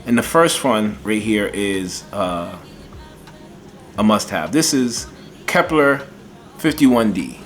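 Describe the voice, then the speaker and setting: Enthusiastic male fragrance reviewer, casual and folksy, slightly low voice. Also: animated, takes it slowly, long pauses, soft background music.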